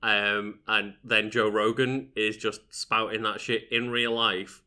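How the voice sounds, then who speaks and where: A man co-hosting a podcast, chatting casually in a loose, hesitant way and swearing freely. His voice sits low but sounds bright and forceful. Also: flat delivery, slow pace, clean tone. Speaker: podcast co-host. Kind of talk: casual chat.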